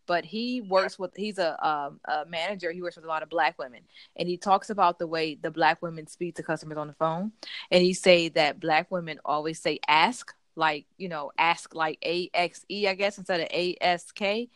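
Chatty woman, lowish voice. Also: fairly quick, dry recording. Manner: chatty storyteller, animated retellings. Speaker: podcast co-host. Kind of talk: casual chat.

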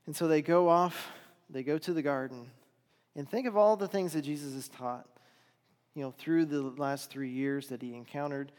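A man preaching a sermon, retelling a story with dramatic swings between loud and hushed delivery. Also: on the high side, moderate pace, long reverb tail.

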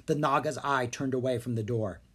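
A narrator reading a children's storybook aloud. The delivery is clear and expressive, with a medium-pitched voice. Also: a little fast. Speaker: audiobook narrator.

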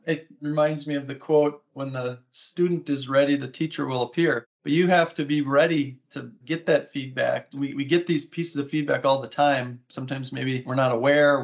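A man hosting an interview, affirming and enthusiastic as he reflects back on his guest's stories. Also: medium pitch. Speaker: interview host. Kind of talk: interview conversation. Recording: muffled lo-fi audio.

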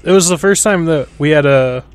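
Dry-sounding man with a slightly high voice. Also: a little fast, smooth, dry recording. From Milwaukee area. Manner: laid-back, chuckles while telling his own story. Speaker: podcast co-host. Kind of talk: casual storytelling chat.

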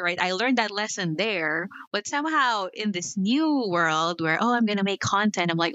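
A woman's voice: mid-range voice, expressive, fairly bright tone, no echo, dull audio. A woman guest speaking candidly in a casual podcast interview, full of asides and "like". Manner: candid, talks in quick asides with frequent "like" and laughs.

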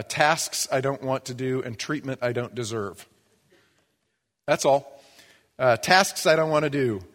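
A male pastor delivers a sermon in a relaxed, joking manner, his voice sitting at an ordinary middle pitch. Now and then he drops into a low mutter to imitate grumbling. The sound carries the long reverb of a church hall. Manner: conversational and humorous, mimics grumbling in a low mutter.

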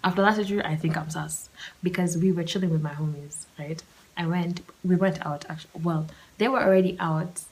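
A young woman tells a story on her solo podcast in a slightly low voice. She rambles and is animated, and she often slips into a breathy whisper in the middle of a thought. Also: brisk, rough recording. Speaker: podcast host.

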